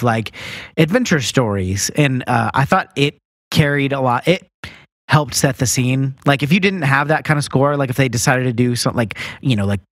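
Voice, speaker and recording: A man co-hosting a casual movie-review podcast, talking in an animated, chatty way with lots of fillers. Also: mid-range voice, dry recording, studio quality. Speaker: podcast co-host.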